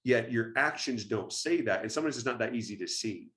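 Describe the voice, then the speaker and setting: An earnest man hosts a podcast, his voice a touch low in pitch. He rambles through his points with many ums and repeated starts, addressing his listeners directly. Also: lively intonation, fairly quick, a bit bright. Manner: earnest, rambling, filler-heavy. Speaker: podcast host, chiropractor. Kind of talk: podcast interview.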